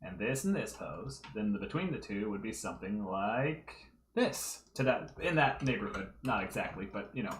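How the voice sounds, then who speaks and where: Low-voiced man thinking aloud while drawing. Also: animated, normal speed, reverberant, a little hiss or hum. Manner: talks through his work step by step, thinking aloud. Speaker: livestreaming fan artist. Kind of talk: casual livestream commentary while drawing. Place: room at home.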